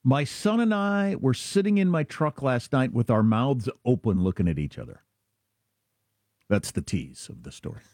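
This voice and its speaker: A middle-aged man from Kansas, chatting casually as an animated storyteller with quick asides. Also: mid-range voice, dry recording, studio quality. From Kansas, USA. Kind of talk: casual chat.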